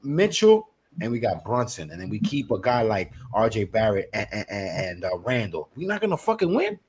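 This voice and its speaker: Husky, excitable New fan. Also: male voice, lowish voice, fairly quick. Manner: excitable, profane, hypes up ideas. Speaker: podcast co-host. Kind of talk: casual sports chat.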